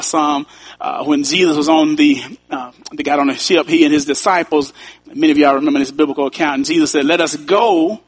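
A man's voice: sits high, a bit bright. A man preaching a sermon as pastor, building emphasis and calling out to his congregation. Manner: preaching with rising emphasis and call-outs to the congregation.

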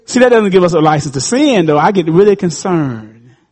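A man in his fifties preaching with a high voice, rising to loud calls and dropping into low, quiet asides. He talks to the congregation in a lively, call-and-response way. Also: a little fast. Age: 50s. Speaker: pastor. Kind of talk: sermon.

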